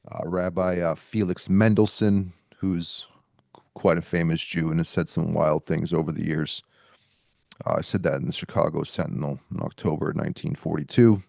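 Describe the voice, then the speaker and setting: A man hosting a podcast in a casual, halting way, pausing as he reads from his sources. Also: extremely low pitch, steady tone, creaky, a little mellow, no echo. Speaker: podcast host. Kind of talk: casual podcast talk, reading quotes aloud.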